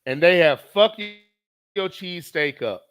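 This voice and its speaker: A man streaming live, reading chat messages aloud in a casual, animated, profane way. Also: high-pitched, unhurried, clear, resonant tone.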